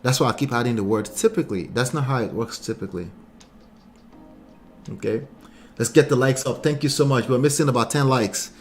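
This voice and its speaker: Faint music plays behind a man with a mid-range voice who talks fairly quickly and pauses often. As the relationship coach hosting his channel's livestream, he reads comments from viewers and replies with emphatic repetition and rhetorical questions, laughing often and mimicking quoted lines in mocking voices.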